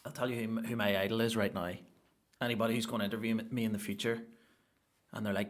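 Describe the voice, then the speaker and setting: Young northern irish guy riffing on his comedy podcast, lowish voice, sweary and rambly. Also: fairly even intonation, fast talker. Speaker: podcast host.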